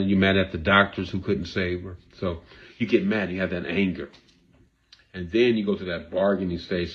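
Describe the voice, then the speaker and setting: A deep-voiced man, recorded in lo-fi sound, plays a therapist hosting a talk show. Speaking casually to camera, he grieves and gets emotional at times, repeating himself earnestly like a preacher.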